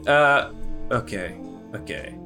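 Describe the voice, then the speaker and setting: A man taking part in a casual tabletop game. His voice is bright and forward, at a middle pitch. He laughs often, asks lots of questions, and trips over his words now and then. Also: very animated, takes it slowly, soft background music. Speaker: player.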